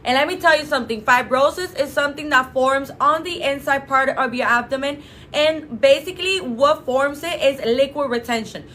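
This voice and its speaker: A clinic representative speaks casually and emphatically to the camera in a promotional talk, full of fillers and "you guys." Her voice sits high with a sharp tone, and she moves at a moderate pace. There is slight background noise.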